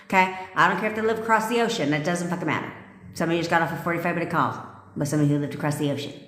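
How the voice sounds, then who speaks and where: A woman's voice: on the low side, racing, fairly bright tone. A woman manifestation coach on a live stream, talking in a brash, profane, commanding way and reading out viewers' comments as she goes. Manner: reads live comments aloud. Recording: echoey room with long reverb.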